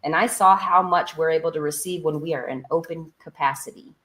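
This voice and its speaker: A woman guest on a podcast, telling a personal story in a lively way and acting out what others said. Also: low voice, brisk. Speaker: podcast guest, construction business owner.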